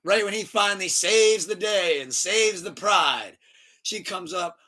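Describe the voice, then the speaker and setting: A man hosting a casual podcast, telling stories in an animated, profane way and laughing often. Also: high voice, measured pace. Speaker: podcast host.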